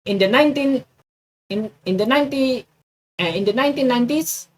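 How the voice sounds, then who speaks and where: A woman's voice: high voice, recorded from a distance, rough recording. A woman with an Indonesian accent reading an English text aloud for practice, stumbling and restarting often. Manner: halting, many restarts and stumbles on words.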